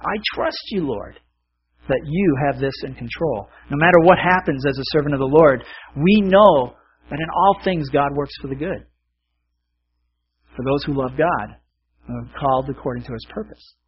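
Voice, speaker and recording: A man's voice: medium pitch, normal speed, slightly rough, highs cut off. A man preaching a sermon, telling a story and acting out its voices before drawing the lesson. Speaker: pastor.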